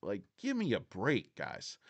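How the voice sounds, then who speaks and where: Brash male stock-stream host: casual, profane, chats with viewers, lively rising and falling pitch. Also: a little slow. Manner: brash, profane, talks to viewers and reads their chat. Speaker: stock market livestream host. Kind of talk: casual livestream commentary.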